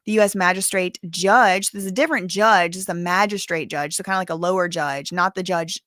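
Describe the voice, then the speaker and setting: A woman's voice: fairly low pitch, fairly quick, fairly bright tone, no room sound, clean studio sound. A woman hosting a casual livestream of legal commentary, chatty and blunt, with frequent digressions. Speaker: commentary channel host.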